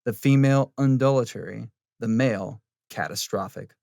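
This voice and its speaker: A man reading occult letters aloud in a measured, solemn way. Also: mid-range voice, gravelly, a little mellow, no echo, clean studio sound. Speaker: audiobook reader.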